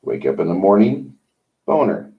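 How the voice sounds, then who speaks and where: Low-voiced dude rambling his opinions on a stream, dull lo-fi mic. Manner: rambling, opinionated, halting with fillers. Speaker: livestream host. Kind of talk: casual rambling monologue. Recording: dull lo-fi sound.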